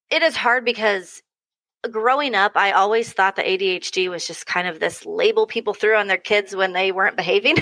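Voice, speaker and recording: With vocal fry in her mid-range voice, a young adult mother on a podcast tells stories casually, acting out the voices and laughing often. The recording is dry and poor.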